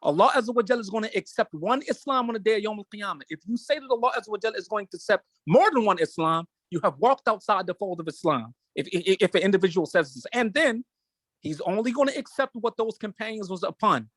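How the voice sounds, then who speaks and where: A man's voice: high-pitched, lively intonation, quick pace, a bit bright, dry recording. A man hosting a show, speaking emotionally and emphatically in a preaching cadence, repeating his phrases for weight. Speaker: show host. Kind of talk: impassioned commentary.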